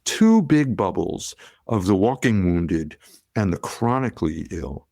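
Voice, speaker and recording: Guest, low raspy man, dry studio sound, tells stories with flair. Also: a little slow, no echo. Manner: animated storyteller, acts out quotes. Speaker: podcast guest, pediatrician. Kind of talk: conversational storytelling.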